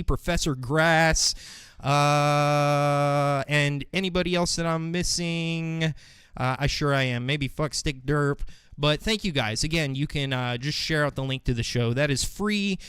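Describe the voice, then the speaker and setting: A man's voice: medium pitch, fairly bright tone, smooth, dry recording. An American man hosting his own show in a loose, profane, casual monologue full of fillers. He sounds like a young adult. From United States. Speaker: podcast host.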